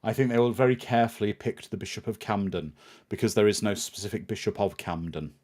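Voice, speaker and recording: A man's voice: lowish voice, fairly even intonation, fast, a little mellow. A man co-hosting a film watch party, giving dry, explanatory commentary with asides about the film.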